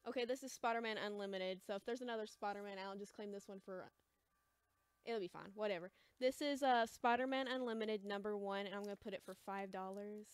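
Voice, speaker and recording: A young American woman talks casually and a little awkwardly, trailing off and restarting often. Her voice is smooth and clear, recorded close and dry with no room sound. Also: mid-range voice, fairly even intonation, a little fast, no echo. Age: young adult. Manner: hesitant, rambling, says she is quiet and awkward. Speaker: shop livestream seller. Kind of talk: casual livestream chat. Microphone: close mic, chewing gum.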